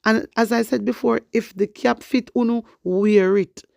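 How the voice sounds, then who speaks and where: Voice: medium pitch, fairly even intonation, moderate pace, gravelly, darkish tone, dry recording, studio quality. A fiery online commentator with a Jamaican accent, talking to viewers and mixing patois with standard English.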